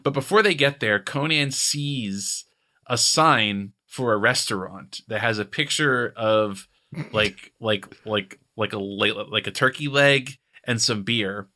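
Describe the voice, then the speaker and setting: Bright-voiced laughing podcast man. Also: fairly low pitch, slow pace. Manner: laughing storyteller, puts on goofy character voices. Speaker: podcast co-host. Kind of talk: casual chat recapping a TV episode.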